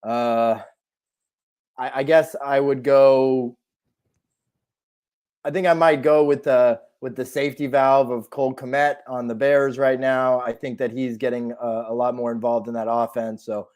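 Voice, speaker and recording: A man giving fantasy football picks on a live show, speaking in a measured, hesitant way with many pauses and ums. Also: mid-range voice, little pitch movement, darkish tone. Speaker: co-host analyst.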